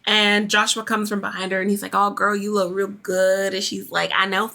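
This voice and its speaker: A young woman casually recapping a reality show, chatty and quick, acting out the lines people said. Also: medium pitch, little pitch movement, vocal fry, sharp tone. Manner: chatty, fast, full of "like", acts out quotes.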